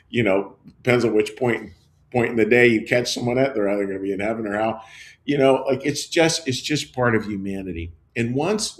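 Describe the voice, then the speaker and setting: A man giving a casual, conversational sermon from his college office and then leading a quiet meditation and prayer, with many fillers and restarts. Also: medium pitch. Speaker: pastor.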